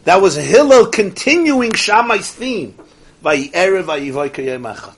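A man teaching a Torah lecture as a rabbi. He mixes Yiddish and Hebrew terms into his English and swings from soft asides to rising exclamations. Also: fairly high pitch, big pitch swings, fairly quick, breathy edge.

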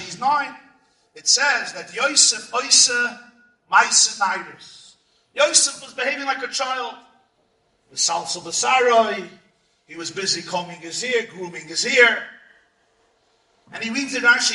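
A man preaching as a rabbi, telling stories with sudden shouts and hushed asides. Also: extremely high pitch, expressive, a little slow. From United States. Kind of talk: sermon. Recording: echoey room, far from mic.

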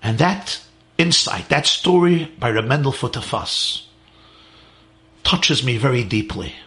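A man's voice: medium pitch, lively intonation, measured pace, bright, forceful tone. A man, a rabbi, telling a story in a sermon with emphatic repeated lists.

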